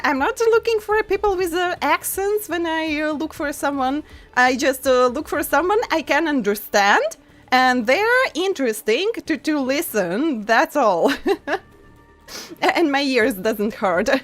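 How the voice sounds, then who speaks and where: Chatty streamer lady with a non-native accent, high voice bouncing all over, lots of uhs and giggles. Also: very animated, slow, a bit bright, soft background music. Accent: non-native English. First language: not English. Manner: chatty, frequent fillers and laughs, reads chat aloud. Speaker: VTuber streamer. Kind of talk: casual chat with stream viewers.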